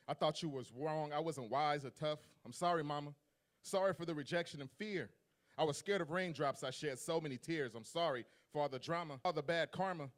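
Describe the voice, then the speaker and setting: Man, spoken-word poet, rhyming cadence, pitch a touch high. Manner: rhythmic, rhyming delivery building in intensity. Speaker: slam poet. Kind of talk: spoken word poetry performance.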